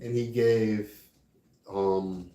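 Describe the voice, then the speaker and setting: A man's voice: fairly low pitch, steady tone, extremely slow, dark tone. A man leading a religious study class. He keeps checking in with his listeners by asking "right?". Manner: frequently asks "right?". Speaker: class teacher. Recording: echoey room.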